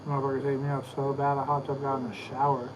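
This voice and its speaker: A man co-hosting a podcast on a porch, telling stories in a casual, animated way, with frequent laughs and "you know what I mean.". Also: mid-range voice, quick pace, dull audio. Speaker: podcast co-host. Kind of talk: casual porch chat, storytelling. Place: outdoor porch. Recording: outdoor recording with clear background noise.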